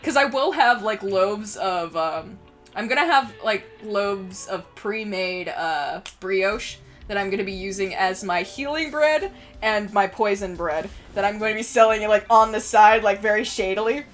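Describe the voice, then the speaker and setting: A woman's voice: medium pitch, measured pace. A woman chats casually on a live stream, giggling between thoughts and swearing without a care. Faint music plays behind her voice.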